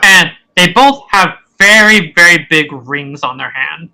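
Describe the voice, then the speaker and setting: A man's voice: fairly high pitch, expressive, unhurried, gravelly, bright, forceful tone, poor audio. A man narrating a tabletop game as game master, rambling and searching for words as he describes scenes.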